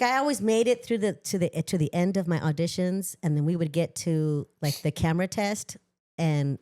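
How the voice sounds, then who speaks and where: Lively, self-deprecating woman singer. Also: lowish voice. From Los Angeles. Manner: self-deprecating, animated, laughs often. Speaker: singer and podcast guest. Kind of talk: casual podcast interview.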